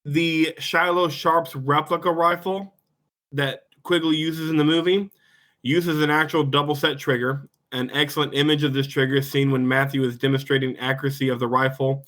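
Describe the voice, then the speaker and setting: A man's voice: mid-range voice, fairly bright tone. Casual podcast host man, reading trivia. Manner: reads trivia, swears casually. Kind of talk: casual movie podcast chat.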